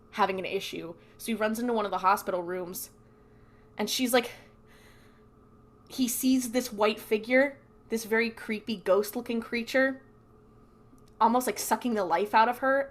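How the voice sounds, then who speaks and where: A woman's voice: fairly high pitch, normal speed, long pauses. A young woman co-hosting a podcast, chatting casually and acting out characters' lines as she recaps. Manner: animated, acts out characters' lines while recapping. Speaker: podcast co-host.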